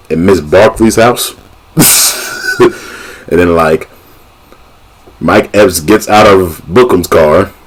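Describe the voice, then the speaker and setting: A young man vlogging a casual movie recap, an animated storyteller who keeps laughing and acting out the scenes. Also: low voice, slightly rough. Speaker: YouTube vlogger.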